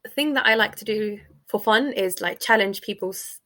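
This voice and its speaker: Bright-voiced young woman. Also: mid-range voice, moderate pace. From United Kingdom. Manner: chatty, laughs through her stories, many fillers. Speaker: stand-up comedian guest. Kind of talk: casual interview, with comic set excerpts.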